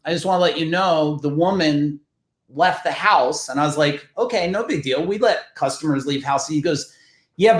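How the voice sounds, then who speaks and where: A man's voice: fairly high pitch, fairly bright tone. Emphatic storytelling man, echoey room. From New Jersey. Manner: emphatic, swears freely, acts out quoted voices. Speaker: podcast guest, business founder. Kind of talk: casual storytelling.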